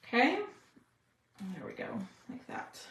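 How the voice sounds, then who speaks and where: In a reverberant space with slight background noise, a woman hosts a live craft stream in a fairly bright tone. She takes her time, chatting with viewers as she works and addressing them as "y'all" during this casual demo.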